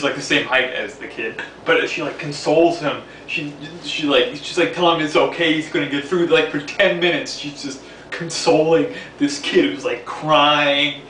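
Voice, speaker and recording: Rambling through a casual story, this New York City-area man repeats himself and laughs along the way in a slightly high, sharp voice. He's a vlogger, recorded in an echoey room far from the mic with faint hiss.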